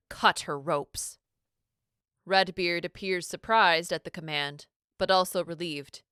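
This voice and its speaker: Low, smooth-voiced woman narrator for a dramatic audiobook, close and dry. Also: fairly bright tone, no echo. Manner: measured, dramatic storytelling.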